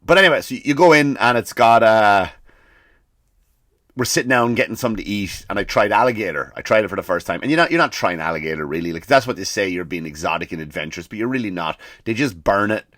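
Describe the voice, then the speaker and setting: A man hosting a comedy podcast, ranting casually with lots of swearing and animated storytelling. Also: fairly low pitch, fast, dry recording, studio quality.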